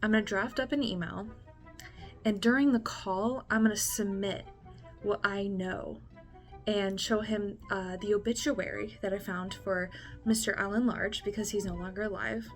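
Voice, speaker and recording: A woman vlogging casually, often breaking into laughter and reading emails aloud slowly and dramatically. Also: medium pitch, steady tone, faint music behind. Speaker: scam-baiting vlogger. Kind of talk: casual vlog chat.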